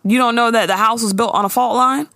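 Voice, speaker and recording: A woman's voice: a little high, fast, no room sound, clean studio sound. A woman co-hosting a podcast, recapping a show in casual, slangy, laughing conversation. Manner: animated, laughing, slangy storyteller. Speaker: podcast co-host.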